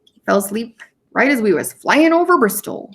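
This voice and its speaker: A woman voicing a big, shaggy, soft-hearted male groundskeeper with a rustic, stammering way of talking, read from a storybook. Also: on the high side, big pitch swings, normal speed, breathy edge, full character voice. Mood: earnest. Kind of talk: storybook reading aloud.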